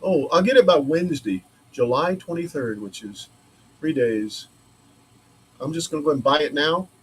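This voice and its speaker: Working on a laser-cut project in his woodworking shop, this man talks casually to his livestream audience, wandering off on tangents and thinking out loud. He speaks at a normal speed in a slightly high voice with some breathiness.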